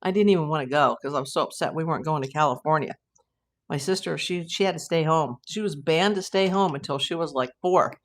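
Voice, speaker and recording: Brief: woman live-stream host, loose rambling chat with frequent laughs, slightly low-pitched voice. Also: fast talker. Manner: rambling, anecdotal, laughs often. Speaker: host of a live YouTube channel.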